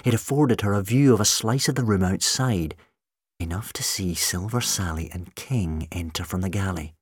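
Male narrator, very low voice, dry close read, measured storytelling. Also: slightly rough, no echo. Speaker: audiobook narrator. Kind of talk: scripted narration.

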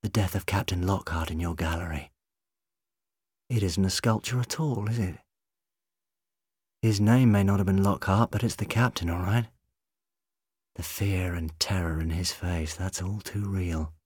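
A blunt, prying doctor, as a man puts him on, pitched a little above a husky reader's voice. He presses his questions in a lively way, close and dry as a storybook read. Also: unhurried, long pauses, no room sound. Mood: horrified. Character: probing male doctor, blunt and inquisitive.

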